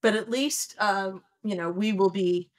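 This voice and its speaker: A woman in her sixties, a planetary astronomer telling stories in a conversational interview, animated and acting out her excited reactions. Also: mid-range voice, unhurried. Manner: animated storyteller who acts out her own excited reactions.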